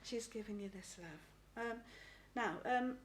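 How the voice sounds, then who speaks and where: A middle-aged woman giving a live spirit reading as a psychic medium. She talks haltingly, repeats words and often asks "please?". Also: on the high side, a little hiss or hum.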